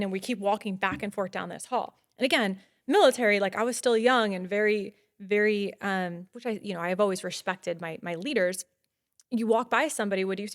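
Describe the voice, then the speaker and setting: A woman in her thirties telling a story as a podcast guest, acting out dialogue and growing loud and high when excited. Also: no echo, studio quality.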